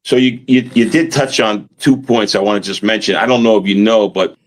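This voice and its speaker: A man's voice: lowish voice, steady tone, a little fast. Male sports radio co-host, New Jersey accent, chatty and meandering. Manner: rambling, restarts often, chuckles. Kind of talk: casual sports talk.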